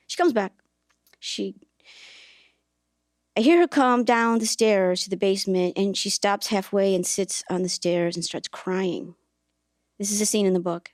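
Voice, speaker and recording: A woman's voice: medium pitch, unhurried, pauses often, no room sound, clean studio sound. A woman hosting a podcast, telling a personal story in a reflective, earnest way, with hesitations and restarts. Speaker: podcast host and author.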